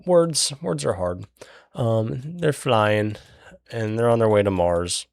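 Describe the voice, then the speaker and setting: A man's voice: lowish voice, slow, creaky, darkish tone, dry recording, clean studio sound. A man casually recapping a book while he draws, rambling and swearing, with lots of fillers and restarts. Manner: acts out characters' lines in his retelling. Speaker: channel host recapping a book.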